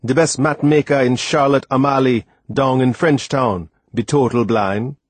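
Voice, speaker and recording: A man voicing a patient, stubborn old Caribbean man who talks softly and gently in a storybook reading. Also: medium pitch, measured pace, dry recording, natural voice. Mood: stubborn, coaxing. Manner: soft, gentle, plain-spoken.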